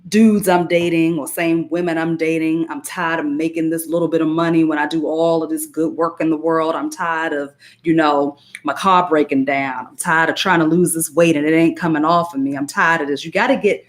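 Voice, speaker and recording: A woman with a low, deep voice talks straight to her live-stream viewers as a spiritual coach. She is emphatic and repeats phrases for weight. Now and then she breaks off to greet a viewer by name. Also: fairly even intonation, normal speed, few pauses.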